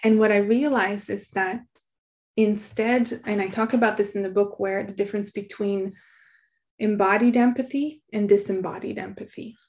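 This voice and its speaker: Earnest soft-spoken middle-aged woman. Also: mid-range voice, fairly even intonation, moderate pace. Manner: soft, earnest, laughs often. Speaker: guest, author. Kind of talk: reflective interview talk.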